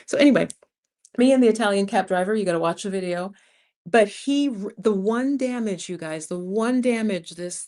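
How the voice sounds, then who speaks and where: A woman's voice: mid-range voice, darkish tone. A woman, hosting her own channel and telling a long, rambling story in a casual livestream chat. She is tired from a sleepless night, laughs often and acts out the lines of the people she quotes. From United States. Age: 50s. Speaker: channel host.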